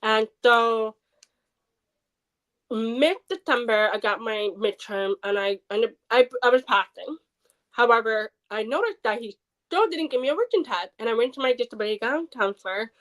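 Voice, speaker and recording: A woman's voice: on the high side, low-quality recording. A woman guest who is hard of hearing, telling a personal story in a podcast interview and acting out what others said. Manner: animated, acts out quoted people.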